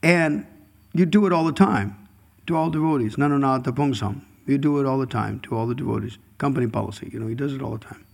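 A man's voice: medium pitch, quick pace, vocal fry. A man giving a devotional scripture class in a chuckling, storytelling way, chanting verses at times. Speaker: scripture speaker.

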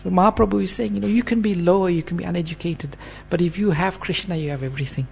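Male preacher with a high voice, earnest and unhurried, explaining scripture to a class. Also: vocal fry, a little mellow, slight background noise. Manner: earnest, checks in with listeners by asking "hmm?". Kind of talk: sermon.

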